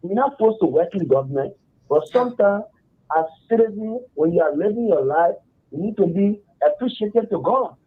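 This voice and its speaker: A man with a Liberian English accent calling in to a radio show, speaking in a measured, hesitant way. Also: sits high, lively intonation, breathy edge. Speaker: caller. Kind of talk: call-in radio comment. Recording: muffled phone line.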